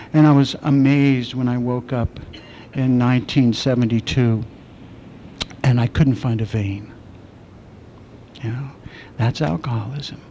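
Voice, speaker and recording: Middle-aged man, recovery-meeting speaker, self-mocking storyteller, mid pitch, faint rumble in the recording. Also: vocal fry, highs cut off. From southwestern United States. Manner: candid, self-mocking storytelling with dark humor. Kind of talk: personal recovery talk.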